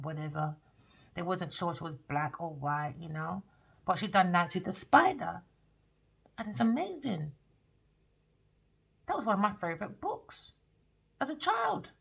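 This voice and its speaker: A woman giving a spoken tarot reading, blunt and excitable, swearing freely. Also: lowish voice, gravelly, slightly rough, lo-fi sound. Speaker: tarot reader.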